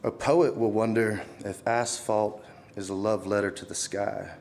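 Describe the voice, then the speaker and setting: Low-voiced young man reading poetry. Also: steady tone, unhurried, gravelly, a little mellow. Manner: casual between poems, swells dramatically while reciting. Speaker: student poet.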